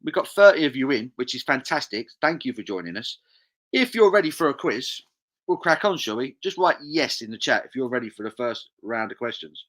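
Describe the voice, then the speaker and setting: A man's voice: mid-range voice, sing-song, a little fast, a bit bright. A young man, hosting a charity live stream, casually reading viewer comments aloud and chatting along.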